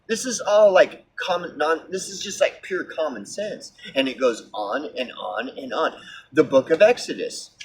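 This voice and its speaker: Heated ranting man, slightly high voice. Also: expressive, unhurried. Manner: heated, sarcastic and profane, with many fillers. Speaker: vlogger. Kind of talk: ranting monologue. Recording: distant mic with faint background hiss.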